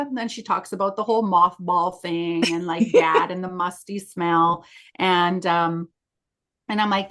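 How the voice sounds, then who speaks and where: A woman's voice: on the low side, flat delivery, moderate pace, a bit bright. A middle-aged woman co-hosting a podcast, telling a story in casual chat and acting out the quoted lines of others. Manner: chatty, acts out quoted dialogue. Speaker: podcast co-host.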